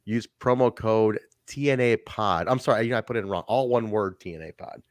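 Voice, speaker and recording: A man co-hosting a casual podcast chat, animated, swearing and laughing often. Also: fairly low pitch, a little fast, no echo, studio quality. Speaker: podcast co-host. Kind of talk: casual chat reviewing wrestling.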